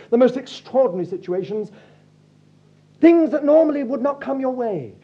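High husky voice, guy preaching a sermon, tells stories, muffled old tape. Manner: storytelling, animated, acts out quotes.

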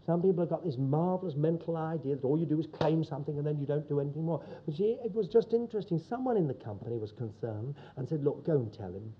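A man's voice: a little high, animated, quick pace, few pauses, a little hiss or hum. Older man telling a church story. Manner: folksy, repeats "he said" often. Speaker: church speaker. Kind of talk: storytelling testimony to a congregation. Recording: dull lo-fi recording.

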